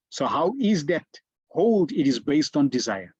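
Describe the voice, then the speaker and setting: A man delivers a devotional lecture, slowly and deliberately, stressing key words through repetition. His voice sits fairly high and sounds slightly husky. The recording is dry and dull, with a lo-fi edge. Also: sing-song, a little mellow, dry recording. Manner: slow, deliberate storytelling with emphatic repetitions. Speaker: spiritual teacher.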